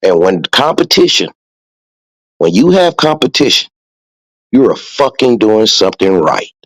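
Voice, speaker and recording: A man's voice: on the low side, big pitch swings, a little slow, dry recording, low-quality recording. A man hosting a podcast, talking casually and preachily, with lots of swearing and repeated points. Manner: profane, preachy, emphatic with repetition. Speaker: podcast host. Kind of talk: casual motivational podcast talk.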